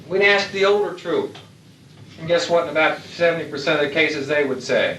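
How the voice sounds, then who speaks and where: Blunt bright-voiced man lecturing in echoey hall. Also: fairly high pitch, animated, fairly quick, slight background noise. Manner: blunt, folksy, salty humor. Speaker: lecturer speaking to military aviators. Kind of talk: lecture to an audience. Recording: echoey hall, distant mic.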